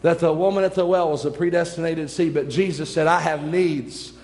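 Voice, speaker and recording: A man's voice: on the high side, steady tone, quick pace, darkish tone, long reverb tail. A man preaching a sermon in a church, fervent and repetitive, firing off rhetorical questions.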